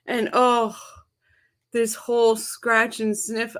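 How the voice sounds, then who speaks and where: A woman's voice: on the high side, level tone, extremely slow, fairly bright tone. A woman hosting a casual livestream, laughing helplessly and greeting viewers in the chat. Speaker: livestream host.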